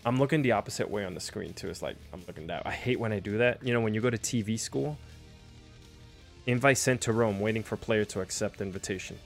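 A man's voice: on the low side, fast talker, gravelly, faint music behind. A young man hosting a casual livestream, chatty and self-deprecating, with lots of fillers. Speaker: livestream host.

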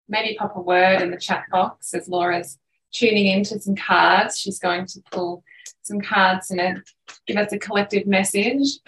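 A woman hosting a live online workshop, gushing and encouraging in a soft voice. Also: medium pitch, steady tone, a little slow, faint music behind. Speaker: host. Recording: echoey room, distant from mic.

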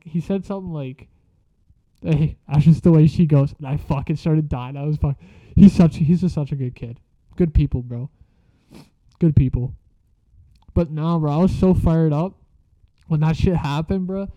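A man's voice: a little high, dark tone, no echo. Young man telling slangy stories. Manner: slangy, swears constantly, rambling. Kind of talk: casual storytelling.

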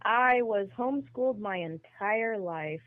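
A woman's voice: mid-range voice, animated, a little slow, no echo. A woman guest on a podcast, talking casually and bluntly. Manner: blunt, emphatic opinions. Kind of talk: casual conversation. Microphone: phone call. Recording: tinny phone line.

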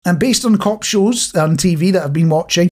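A man's voice: high voice, normal speed, darkish tone. A Scottish man co-hosting a podcast, chatting casually and teasing his co-host with quiz questions. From Scotland. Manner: joking, teasing quizmaster. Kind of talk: casual chat. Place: home recording in Nottinghamshire.

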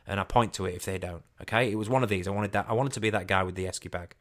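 A man telling a self-mocking comic anecdote in an animated, casual way, with many restarts. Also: deep voice, very fast. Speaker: storyteller.

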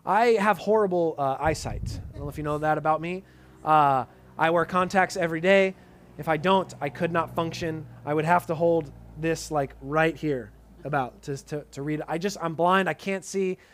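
High-voiced earnest male preacher. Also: moderate pace. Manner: earnest, drops to soft emphatic tones, casual asides. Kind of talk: sermon.

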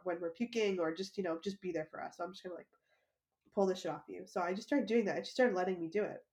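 A woman hosting her own podcast, telling a personal story in a loose, conversational way. Her voice sits at an ordinary, mid-range pitch for a woman. She laughs easily and often and strings her thoughts together with "like" and "um". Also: a little mellow. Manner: chatty, laughs often, lots of "like". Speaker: podcast host. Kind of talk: casual storytelling monologue.

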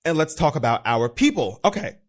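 A young man from the United States hosting a casual solo podcast, chatty and animated, swearing freely. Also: a little high, fairly quick. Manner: animated, chatty, swears freely, quotes himself in little voices. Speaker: podcast host.

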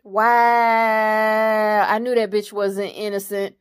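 A woman's voice: medium pitch, little pitch movement, slow pace, smooth. A woman hosting her own commentary channel, reading news articles aloud and breaking off into blunt, profane opinions.

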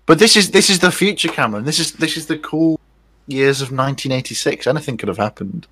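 A man's voice: fairly high pitch, lively intonation, quick pace, bright, forceful tone, a little hiss or hum. Rambling, teasing man on a podcast. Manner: rambling, restarts sentences, teasing. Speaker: podcast host. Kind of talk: casual chat.

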